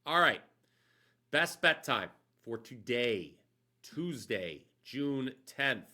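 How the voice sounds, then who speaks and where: Bright-voiced man hosting a betting show. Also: mid-range voice, very animated, extremely slow. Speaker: sports betting show host. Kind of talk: casual sports betting talk.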